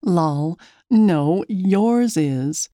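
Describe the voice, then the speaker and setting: A woman tells a first-person story in a chatty, wry way and pokes fun at herself. Her tone is mellow and soft-edged. The sound is dry and close. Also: fairly low pitch, animated, extremely slow, no room sound. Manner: chatty, wry, self-mocking. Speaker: narrator.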